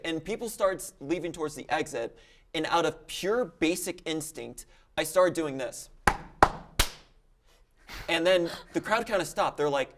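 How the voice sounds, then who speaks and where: A man's voice: a little high, measured pace, long pauses. Young man spinning a comic tall tale. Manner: animated, jokey, with quoted voices. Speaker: panelist telling a tall tale. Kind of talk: comedic storytelling.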